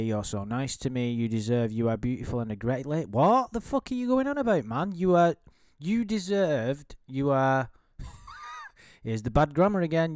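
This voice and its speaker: A man's voice: mid-range voice, no echo, studio quality. A man giving casual, rambling commentary while reading out a chat log, full of swearing, restarts and laughter.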